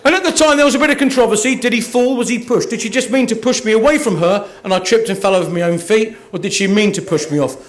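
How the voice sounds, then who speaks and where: A man's voice: high-pitched, fast, hardly any pauses. A man from Kent doing a cheeky, self-mocking stand-up routine at an awards dinner in a hotel function room. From Kent, England. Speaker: after-dinner comedian.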